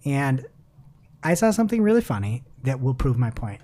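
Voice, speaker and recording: A woman podcast host chats casually and reads articles aloud, wry and giggly, often laughing mid-sentence. She has a very deep, warm voice with a sing-song lilt and speaks at a normal pace.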